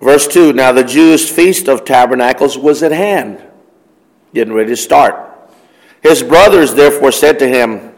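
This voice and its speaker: A man's voice: medium pitch, normal speed, vocal fry. Male preacher, middle register, reads verses then explains and quizzes, long hall reverb. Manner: reads scripture aloud then explains it conversationally, posing questions. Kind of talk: Bible study sermon.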